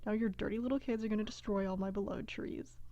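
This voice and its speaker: A woman's voice: mid-range voice, steady tone, fast, warm tone, lo-fi sound, close to an everyday voice. A woman voicing an indignant female nature goddess in a comic storybook retelling. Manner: indignant, petulant.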